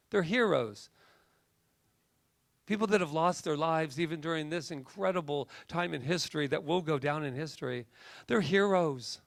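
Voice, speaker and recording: A middle-aged man preaching a sermon as minister, swinging from emphatic rising peaks to soft, near-whispered asides. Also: a little high, no room sound, clean studio sound.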